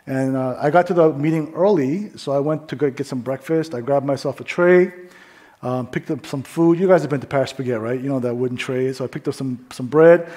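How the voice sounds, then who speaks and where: A male pastor preaches with a medium-pitched, brisk voice in a relaxed, conversational style heavy on fillers. He tells a story, acting out its voices, and quiets to a soft hush during prayer.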